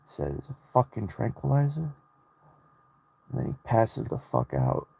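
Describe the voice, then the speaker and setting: A man's voice: very deep voice, sing-song, measured pace, gravelly, warm tone, slightly rough. A young man in a casual solo vlog, retelling a movie and his childhood in a loose, swear-heavy ramble that keeps restarting. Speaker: solo vlogger. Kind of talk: rambling personal monologue.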